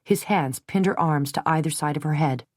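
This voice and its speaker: A woman narrating a romance novel in a steady storytelling manner. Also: sits low, moderate pace, no room sound, studio quality. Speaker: audiobook narrator. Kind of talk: scripted narration.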